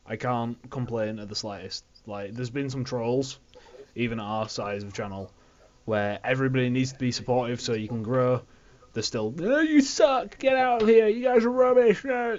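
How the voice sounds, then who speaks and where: A man's voice: mid-range voice, darkish tone, muffled recording. A man being interviewed as a guest on a casual livestream, easygoing and laughing along. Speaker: guest, YouTuber.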